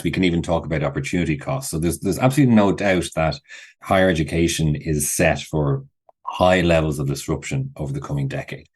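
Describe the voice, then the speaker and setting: A middle-aged man with a remarkably low voice, slightly husky at the edges. He explains his points thoughtfully as a podcast guest, circling back and restarting phrases as he goes. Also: a little mellow. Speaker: guest, associate professor. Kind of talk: podcast interview.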